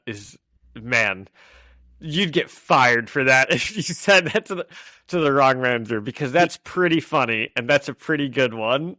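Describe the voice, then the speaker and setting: Unhurried yet bright and forceful, a medium-pitched man co-hosts a podcast about comic books in a casual way. He goes over comic scenes at length with lots of laughter, and the recording is dry with clean studio sound.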